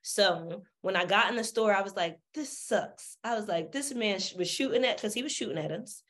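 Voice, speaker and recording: A woman with a sassy, animated way of talking, a podcast guest telling her story candidly, swearing freely and acting out the people she quotes. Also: medium pitch, normal speed.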